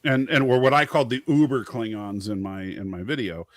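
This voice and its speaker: A man's voice: medium pitch, a little fast, dry recording, clean studio sound. A man hosting a casual chat, theorizing with enthusiasm and often restarting his sentences. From Scotch-Irish descent. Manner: animated, theorizing, stumbles and restarts. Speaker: host.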